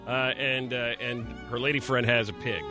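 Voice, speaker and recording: A man's voice: mid-range voice, little pitch movement, normal speed, music in the background. A man hosting a morning radio show, joking with his co-hosts and directing the crew.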